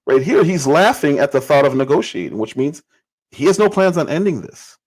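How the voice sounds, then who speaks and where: A man's voice: a little high, big pitch swings, a little fast, darkish tone, husky, low-quality recording. A man hosting a livestream and giving casual political commentary. He talks emphatically and repeats phrases for stress.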